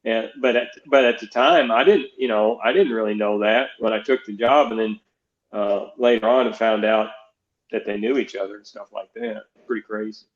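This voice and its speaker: In this storytelling interview, the guest is an older baseball pitching coach who wanders from story to story, frequently starting over and acting out what others said. He speaks at a moderate pace in a lowish, fairly even voice, captured on an echoey, dull, roomy recording.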